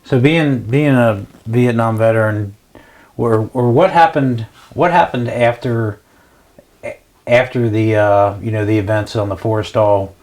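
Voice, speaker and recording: A man's voice: on the low side, steady tone, unhurried, darkish tone. A man interviewing a veteran for an oral history project, asking hesitant questions and giving brief acknowledgements.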